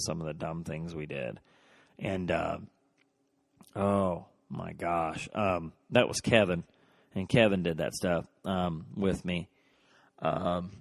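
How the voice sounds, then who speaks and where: Low gravelly man rambling casually. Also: dry recording. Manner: rambling, self-deprecating, many fillers. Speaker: podcast host. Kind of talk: casual solo reminiscing.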